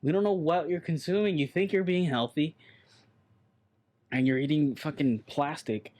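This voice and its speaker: A man's voice: fairly high pitch, normal speed, a little mellow. A man co-hosting a casual podcast chat, rambling and blunt, swearing offhandedly. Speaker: podcast co-host.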